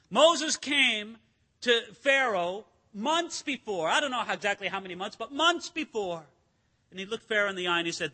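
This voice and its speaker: A male pastor preaching a sermon, swinging from hushed to emphatic as he reads and expounds scripture. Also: high-pitched, lively intonation, measured pace. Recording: long reverb of a large hall.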